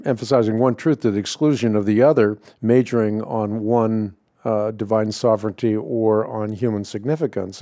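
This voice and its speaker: A middle-aged man hosting a radio Bible-answer call-in show, answering a caller in a measured, thoughtful way and often repeating words as he starts a sentence. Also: lowish voice, dark tone, no echo, studio quality. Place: radio studio.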